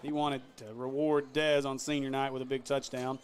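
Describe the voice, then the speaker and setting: A man doing play-by-play for a high school football game, joking with his partner and shouting on big plays. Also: flat delivery, normal speed. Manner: jokey, laughs often, shouts big plays. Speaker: play-by-play announcer.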